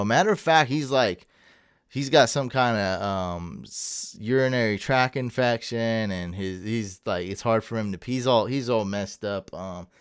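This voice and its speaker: A man hosting a late-night livestream, rambling and friendly as he reads out viewer comments and thanks people. His voice sits a little low and sounds clear and smooth. The sound is close and dry. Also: no room sound. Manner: chatty, rambling, thanks viewers and stumbles over names. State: tired. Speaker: livestream host. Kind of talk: casual livestream chat reading viewer comments. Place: home room.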